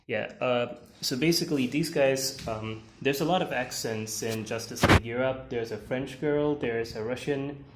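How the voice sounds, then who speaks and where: A man's voice: mid-range voice, normal speed, few pauses, heavy background noise. A man giving casual, rambling commentary while flipping through comic pages, with many fillers and restarts. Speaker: comic book reviewer.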